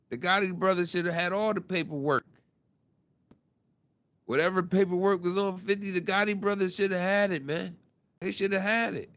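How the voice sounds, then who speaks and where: A man hosting a podcast in casual commentary, talking in with an animated, repetitive delivery. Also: on the high side. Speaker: podcast host.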